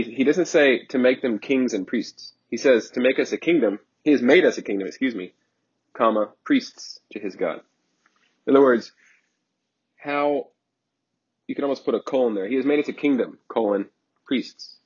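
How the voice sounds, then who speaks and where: A man's voice: lowish voice, breathy edge. A male preacher giving an emphatic sermon, repeating phrases for emphasis with frequent ums along the way. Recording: dull lo-fi sermon recording.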